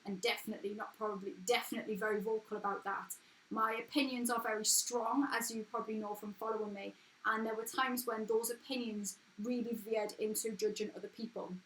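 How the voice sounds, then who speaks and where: Streaming from home, this thirties Englishwoman with an ordinary, not posh accent has a slightly high, sharp-toned voice. She chats frankly and earnestly on her casual motivational broadcast, and the room echoes.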